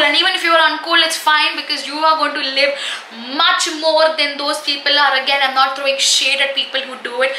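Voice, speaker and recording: A young woman vlogging to camera, giving a lively motivational talk in a sassy manner and calling viewers honey. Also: high voice, echoey room, slight background noise, poor audio. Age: young adult.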